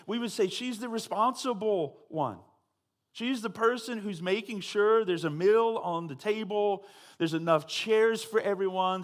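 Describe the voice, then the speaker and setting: A man as pastor, high voice, chatty sermon, checks in with the congregation, dry side jokes. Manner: conversational, with frequent tag questions to the congregation.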